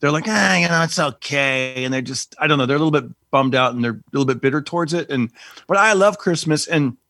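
Easygoing laughing man, slightly high voice. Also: quick pace, a bit bright, dry recording, clean studio sound. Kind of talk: casual chat.

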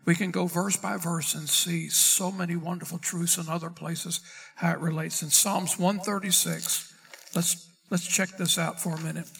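A man preaching a verse-by-verse Bible sermon as pastor, reading scripture aloud slowly and calling out questions to the congregation. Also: fairly high pitch, steady tone, gravelly, fairly bright tone, breathy edge. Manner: calls out to the congregation.

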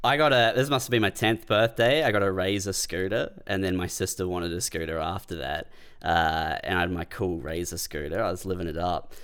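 A man with a lowish, smooth voice, telling relaxed anecdotes in a casual podcast chat. He swears casually and keeps an easygoing tone. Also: a little fast. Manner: laid-back storyteller, swears casually. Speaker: podcast co-host.

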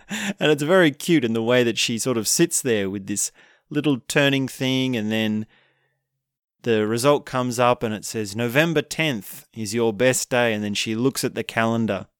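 Man, casual film recap, animated storyteller, dry close sound. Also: medium pitch, clean tone, no echo. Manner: animated storytelling, acting out quoted lines with chuckles. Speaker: film reviewer.

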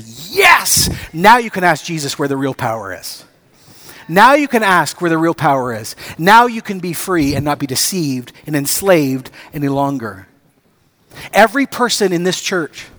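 As a pastor, this man preaches a sermon in a voice that sits high. He tells stories with acted-out dialogue and builds to excited emphasis.

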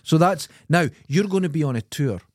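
A man's voice: a little high, animated, moderate pace, no echo, clean studio sound. A Scottish man co-hosting a podcast, telling sweary, teasing stories in casual chat. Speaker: podcast co-host.

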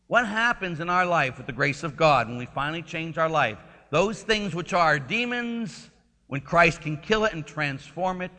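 Male preacher, lively swoopy voice, bright tone, long church echo. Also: fairly high pitch. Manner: animated, conversational, emphatic. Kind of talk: sermon.

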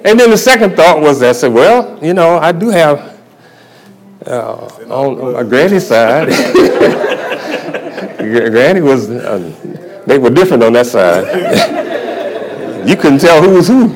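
A man's voice: fairly high pitch, sing-song, slow pace, long pauses, crowd noise, rough recording. A male church elder giving a sermon testimony at a convocation, telling his story in a folksy way and chuckling often.

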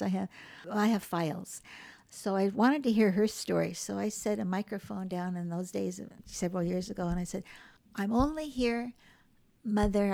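A woman author from Hawaii telling lively stories about her mother in a casual interview, acting out the voices of the people in them. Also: medium pitch, creaky. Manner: animated storyteller acting out quoted voices. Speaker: memoir author, guest.

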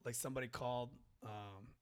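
A man's voice: mid-range voice, steady tone, brisk, clean tone. A man co-hosting a casual podcast, rambling with fillers, swearing and laughing. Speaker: podcast co-host. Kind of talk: casual chat.

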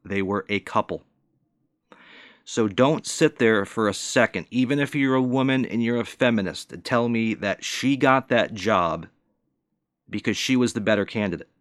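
A man's voice: on the low side, normal speed, no room sound, clean studio sound. A man in his forties, a bartender, ranting in a profane, indignant and mocking way. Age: 40s. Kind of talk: ranting monologue.

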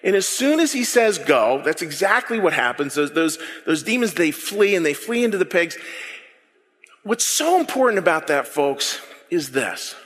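A man preaching a sermon, animated and repeating words as he builds his point. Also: sits high, normal speed, in a large hall. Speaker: pastor.

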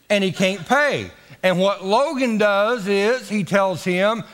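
A man's voice: sits high, slow, a bit bright, in a large hall. A man preaching a sermon, leading call-and-response and drawing out his phrases for drama. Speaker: pastor.

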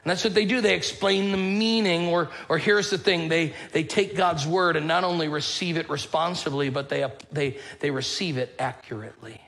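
Higher-voiced joking pastor. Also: male voice, normal speed, hardly any pauses, fairly bright tone, rough recording. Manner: conversational, joking storyteller with a casual drawl. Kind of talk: sermon.

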